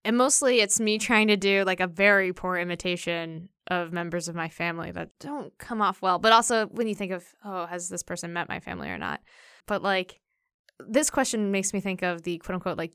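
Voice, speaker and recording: A young woman talks things through in a casual discussion, turning ideas over by asking herself questions. Her voice is slightly low, very smooth and clear, and it sits dry and close to the mic. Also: moderate pace, a bit bright, dry recording. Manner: thoughtful, asks herself questions aloud. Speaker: discussion participant.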